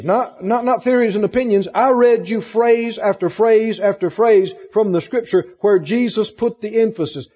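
A man preaches with emphatic repetition, pressing his congregation with questions. His voice sits high and has a husky edge. The recording is muffled, and the sound rings with long reverb from the church hall. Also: darkish tone. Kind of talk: sermon.

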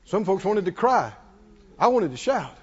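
A man's voice: high-pitched, very animated, measured pace, darkish tone, breathy edge. An older man preaching a sermon, telling a story with passion and calling out to the congregation. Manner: impassioned storytelling preacher, call-and-response. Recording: echoey hall, dull muffled sound.

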